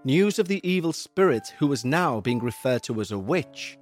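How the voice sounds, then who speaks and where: A man narrating a scripted horror story for a podcast, with a measured, suspenseful delivery. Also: medium pitch, animated, faint music behind.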